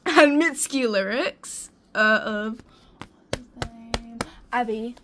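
Tired, giggly young woman with a high voice touring her sketchbook on camera. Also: slow, slight background noise. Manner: excitable, giggly, gushing. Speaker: art student showing a sketchbook. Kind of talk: casual sketchbook tour chat.

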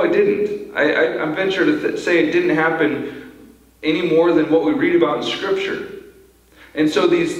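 Man preaching in an echoey church. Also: on the high side. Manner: earnest, repeats words when starting sentences. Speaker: pastor. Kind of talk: sermon. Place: church sanctuary. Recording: very echoey church hall, mic from far off.

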